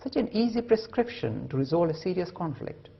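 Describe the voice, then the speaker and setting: Raspy, gravelly man lecturing on religion; animated storyteller, acts out voices; lo-fi recording. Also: sits high, a little fast. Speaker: speaker on religion.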